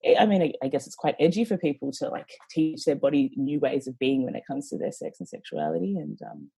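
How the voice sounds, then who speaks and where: A woman's voice: sits low, quick pace, gravelly, warm tone, slightly rough, no room sound. A woman from Australia with an Australian accent, a guest coach answering interview questions thoughtfully, with many fillers.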